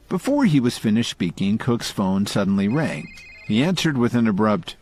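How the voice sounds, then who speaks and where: A man reading scripted audio-drama narration in a calm storytelling manner. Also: lowish voice, normal speed.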